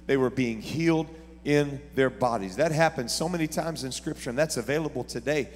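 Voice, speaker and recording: A man preaching a sermon as pastor, telling stories and building to shouted preaching. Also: mid-range voice, fairly quick, long reverb tail. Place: church sanctuary.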